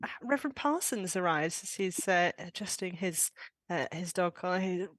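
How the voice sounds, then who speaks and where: A woman running a tabletop game as game master, upbeat and quick to laugh. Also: lowish voice, lively intonation, dry recording.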